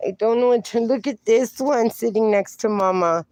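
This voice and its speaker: A woman's voice: a little high, moderate pace, hardly any pauses, darkish tone, no room sound. A woman hosting a casual phone livestream outdoors with her dogs, greeting viewers and cooing at the dogs in baby talk. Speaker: livestream host.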